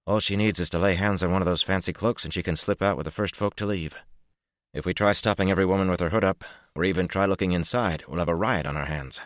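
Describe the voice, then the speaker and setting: A man's voice: low voice, quick pace, dry recording, studio quality, pitched above the performer's own voice, natural voice. A man voicing a blunt, wary thief-catcher who talks urgently and practically in an audiobook.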